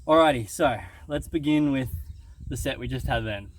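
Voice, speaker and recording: A man's voice: mid-range voice, normal speed, background noise. Easygoing Australian man interviewing outdoors. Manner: joking, easygoing, frequent ums. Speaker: interviewer and waterski coach. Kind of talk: casual interview. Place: outdoors by a lake on a sunny day. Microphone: video camera on site.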